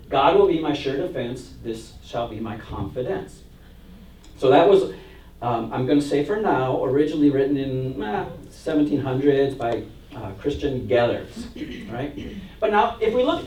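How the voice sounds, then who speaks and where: A man's voice: on the high side, a little mellow. A male church music minister and organist gives a chatty, joking class talk. He reads hymn verses aloud and laughs often. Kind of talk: informal lecture to a church adult class. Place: church meeting room. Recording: roomy echo, voice from far off the mic.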